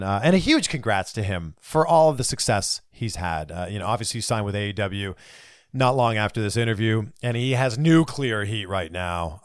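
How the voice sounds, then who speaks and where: A man's voice: fairly low pitch, no echo. Upbeat male host, dry close sound. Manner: upbeat and animated. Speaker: show host. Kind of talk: podcast outro with sponsor reads.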